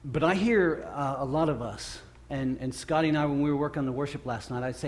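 A middle-aged man preaching a sermon, earnest and halting, with many repeated restarts, who grows louder when he acts out the scripture. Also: mid-range voice, a little hiss or hum. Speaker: pastor.

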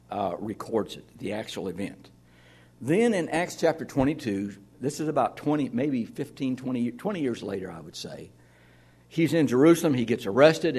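A man's voice: mid-range voice, a little mellow, slightly rough. A man preaching a sermon to his congregation in a conversational way, with sudden drops to near-whispers. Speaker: pastor.

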